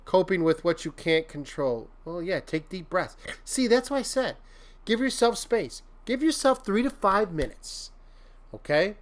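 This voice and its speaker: A man's voice: high voice, very animated, a little slow. A man hosting a casual motivational livestream, rambling and laughing often, breaking into silly mock-venting with made-up curses. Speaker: host.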